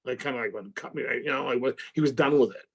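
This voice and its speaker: A middle-aged man talks in a gravelly, rough-edged voice. He tells his story with energy, acting out the phone calls and bursting into exclamations and curses as he goes. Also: mid-range voice, fast talker. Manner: acts out phone calls with swearing and loud exclamations. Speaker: actor interview guest. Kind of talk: animated storytelling in conversation.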